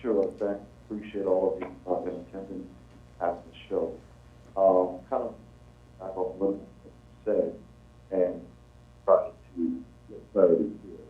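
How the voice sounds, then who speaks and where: A man's voice: low-pitched, breathy edge. A male caller on a call-in show, asking a panel a long earnest question with hesitant restarts. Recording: tinny phone line.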